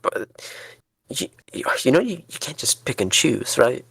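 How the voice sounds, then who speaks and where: A flustered, stammering man with a gravelly edge to his middle-pitched voice. He plays his character in a tabletop role-play game and keeps tripping over his words. The sound is dry and close. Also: big pitch swings, unhurried, fairly bright tone, no echo, whispered. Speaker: player.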